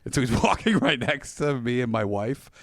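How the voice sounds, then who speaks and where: A man co-hosting a comedy podcast, telling a profane, animated anecdote in casual chat. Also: medium pitch, moderate pace, no room sound, studio quality. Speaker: podcast co-host.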